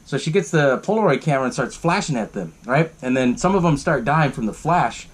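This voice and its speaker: This male podcast host goes through a movie in a casual, profane way, laughing and using lots of fillers. His medium-pitched voice is husky and expressive, and he speaks fairly quickly.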